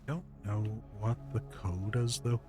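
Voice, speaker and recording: A man with a Northern Irish Derry accent, from Northern Ireland, streams a game live and thinks aloud chattily, swearing casually as he goes. His voice sits on the low side and moves slowly, with music in the background. It's casual live gameplay commentary.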